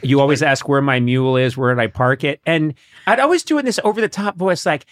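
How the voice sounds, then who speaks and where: A man's voice: medium pitch, fast talker, no room sound, clean studio sound. A man hosting a casual chat, teasing his guest and telling stories with frequent laughter. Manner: teasing, lively storytelling, laughs often. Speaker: podcast host.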